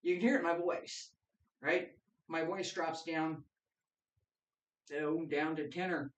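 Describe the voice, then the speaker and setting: A man with a slightly high voice leads a qigong class at an unhurried, deliberate pace. He counts breaths calmly and then explains the practice. His voice sits back from the mic in a roomy, echoing space. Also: far from the mic. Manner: slow, calm counting of breaths. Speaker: qigong teacher. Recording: echoey room, voice from off-mic.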